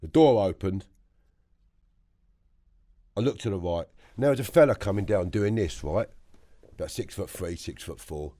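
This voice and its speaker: A man with a London accent telling his story as a podcast guest, blunt and animated, swearing freely. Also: deep voice, normal speed, pauses often. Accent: London English. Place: podcast studio.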